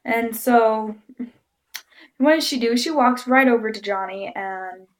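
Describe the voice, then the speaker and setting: A woman vlogger tells a story to the camera in a casual, chatty way at a measured pace. Her voice is on the high side, and she giggles a lot while animatedly acting out what people said.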